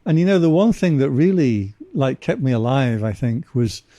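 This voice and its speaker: A man from England, a monk guest on a podcast, telling anecdotes in a casual, wry way with animated asides. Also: mid-range voice, moderate pace, dry recording. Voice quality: dry humor, animated anecdotes with laughs. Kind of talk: casual storytelling conversation.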